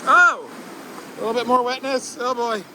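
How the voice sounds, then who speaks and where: A man from the northeastern United States vlogs outdoors at a theme park, giving casual commentary as he squeals and whoops his way through a water ride. He has a high voice and a moderate pace, and the outdoor recording is noisy.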